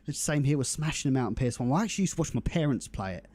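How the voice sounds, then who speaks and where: A man's voice: medium pitch, expressive, rapid-fire, darkish tone, no room sound, studio quality. A young man hosting a game live stream, chatting casually and greeting viewers in the chat by name. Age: young adult. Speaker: livestream host.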